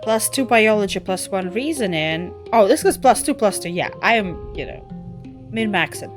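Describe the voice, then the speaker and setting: A young woman streaming a game, chatting casually and excitably, swearing and laughing often. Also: on the low side, measured pace, faint music behind. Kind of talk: casual gameplay chat.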